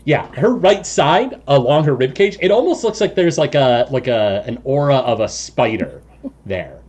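Lively chuckling male game master. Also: medium pitch, moderate pace. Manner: chuckles often, many ums and restarts. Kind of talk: narrating a tabletop game.

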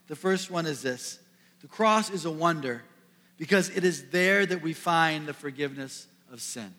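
A pastor from the Midwest preaching a sermon to a congregation, earnest, building to emphatic peaks and dropping soft. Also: male voice, on the high side, expressive, normal speed. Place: church sanctuary. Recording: long reverb of a large hall.

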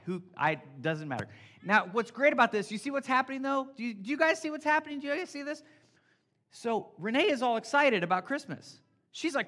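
A man preaching a casual, playful sermon as pastor, energetic and talking straight to his congregation. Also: sits high, moderate pace. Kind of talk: conversational sermon.

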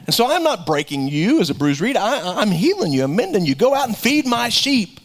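A preacher voicing Jesus, gentle and forgiving. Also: male voice, high-pitched, sing-song, pitched above the performer's own voice, exaggerated voice. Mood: reassuring. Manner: tender, reassuring, unhurried. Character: Jesus, gentle forgiving man speaking to a disciple.

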